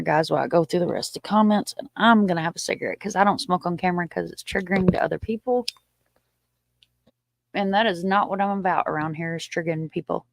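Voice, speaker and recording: In a gravelly, mid-range voice, a livestream host reads out and answers viewer comments in easygoing chat, often agreeing with short repeated words and offering blunt opinions. It's studio quality with no echo.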